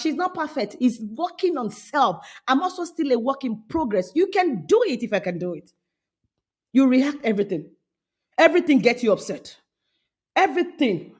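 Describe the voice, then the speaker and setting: Emphatic parenting coach woman, lively pitch. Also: moderate pace. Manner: emphatic, scolding then coaxing, repeats phrases. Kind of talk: motivational talk to parents.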